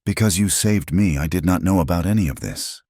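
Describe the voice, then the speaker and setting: A man's voice: low-pitched, fairly quick, darkish tone, no room sound, clean studio sound. A man voicing a desperate young woman from a rich family, pleading through tears, in an audio story. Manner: pleading, tearful.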